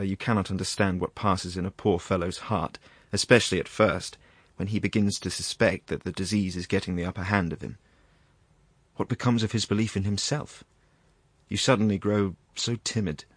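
A man's voice: low-pitched, fairly even intonation, moderate pace, slightly rough, dry recording. A man reading the part of a rambling, embarrassed country doctor, hesitant and full of asides. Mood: rueful. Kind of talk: audiobook reading.

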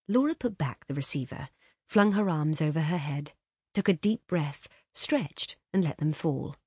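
Expressive woman narrating a story. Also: low voice, a little slow, slightly rough, no room sound, studio quality. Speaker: audiobook narrator. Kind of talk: scripted narration.

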